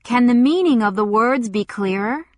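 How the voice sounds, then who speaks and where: A woman's voice: fairly high pitch, expressive, normal speed, no echo, lightly acted. A woman reading an audiobook, voicing an impatient, defiant young man with a challenging, insistent manner.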